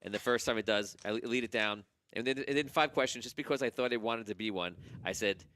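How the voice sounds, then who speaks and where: Bright-voiced male podcast host. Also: medium pitch, fast talker. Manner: animated storyteller who stammers and repeats himself. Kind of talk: casual podcast chat. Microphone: studio podcast mic.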